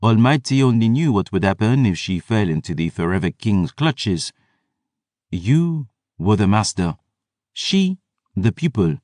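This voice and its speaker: A man voicing a smug, condescending vampire historian who lectures smoothly. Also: on the low side, big pitch swings, a little slow, a little mellow, dry recording, studio quality, pitched above the performer's own voice.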